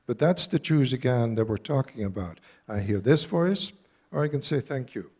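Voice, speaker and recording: A man's voice: mid-range voice, expressive, normal speed, a little mellow. A man in his seventies giving a live talk to an audience, earnest and direct, quizzing his listeners. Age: 70s. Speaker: workshop speaker.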